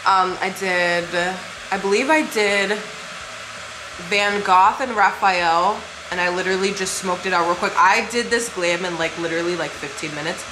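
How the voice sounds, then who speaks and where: A woman's voice: lowish voice, moderate pace, background noise. Chatty woman vlogging in an echoey room. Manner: chatty and loose, swears casually, drifts into asides. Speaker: beauty vlogger and makeup brand owner. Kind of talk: casual chat vlog. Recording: echoey room with music playing.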